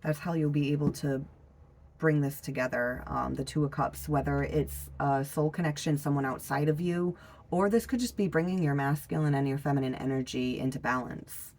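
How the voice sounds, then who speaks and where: Gravelly, easygoing tarot reader. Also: mid-range voice, a little mellow. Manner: loose and unhurried, frequent fillers and trailing pauses; blunt, with the odd swear word. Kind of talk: casual tarot reading.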